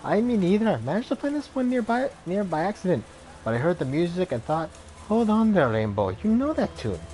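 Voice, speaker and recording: A man's voice: sits high, big pitch swings, fairly quick, a little mellow, slight background noise, voice pushed up, rough recording. A man voicing a brawny, brash young Irish woman, an ex-ranger who talks in a chatty, blunt and slangy way.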